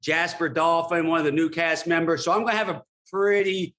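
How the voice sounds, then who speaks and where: A man in his fifties, a guest in a casual interview, talking in a laid-back, wry, deadpan way. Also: fairly high pitch, brisk.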